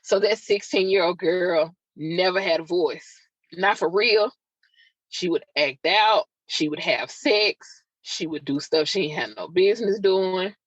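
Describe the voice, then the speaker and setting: A woman's voice: fairly low pitch, measured pace, husky, dry recording. Emotional woman podcaster, dull dry sound. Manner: emotional, raw and confiding, chatty asides to listeners. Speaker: podcast host. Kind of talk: candid personal storytelling.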